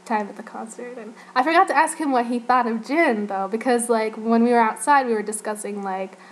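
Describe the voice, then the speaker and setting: Rambling and giggly, this young woman from Northern Virginia talks casually as a fan vlogger, leaning heavily on "like" and "you know." She speaks briskly at a fairly high pitch on a low-quality recording.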